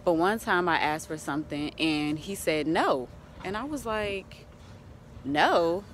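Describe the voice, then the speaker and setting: A woman's voice: lowish voice, expressive, unhurried, fairly bright tone, a little hiss or hum. A woman giving casual motivational advice on her vlog, chatty and laughing often as she talks to her viewers. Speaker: vlogger.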